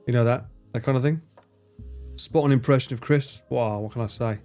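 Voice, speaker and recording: A young man chats casually on a live stream and answers his viewers. He swears freely and acts out what his friends said in higher voices. Faint music plays behind him. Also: a little fast, dark tone.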